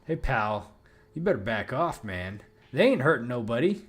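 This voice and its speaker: A let's play host talks casually over his own gameplay, rambling, swearing, and bursting out excitedly. His voice is medium in pitch and slightly rough, moving at a moderate pace.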